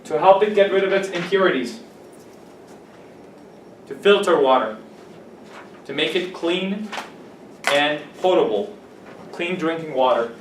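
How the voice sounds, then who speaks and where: A man teaches English vocabulary, explaining terms and repeating key words to check the class is following. His voice sits a little high. A distant camera at the back of an echoey classroom picks him up, with a faint hiss.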